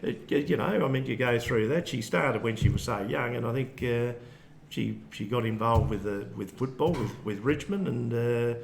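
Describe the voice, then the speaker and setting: An Australian man with a gravelly edge to his voice co-hosts a live show at a club, rambling and cracking jokes as he goes. The room is echoey, so his words ring a little. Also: medium pitch, moderate pace. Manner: jokey, rambling, restarts. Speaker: co-host. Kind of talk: casual banter. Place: rugby club function room.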